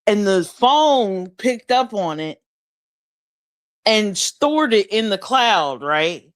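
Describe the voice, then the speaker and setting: Slow-talking woman on a livestream. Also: mid-range voice, sing-song. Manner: rambling storytelling with frequent laughs and swearing. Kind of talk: casual livestream chat.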